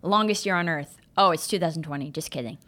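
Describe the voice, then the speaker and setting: A woman's voice: low voice, quick pace, a bit bright. A woman hosting a casual interview, playful and teasing, laughing often. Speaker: host.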